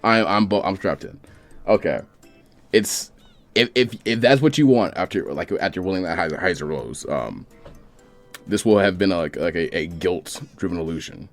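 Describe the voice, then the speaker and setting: A man's voice: low-pitched, animated, normal speed, soft background music. A man running a tabletop game over an online voice call, who keeps breaking into giggly laughter. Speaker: game master. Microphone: desk mic on an online voice call.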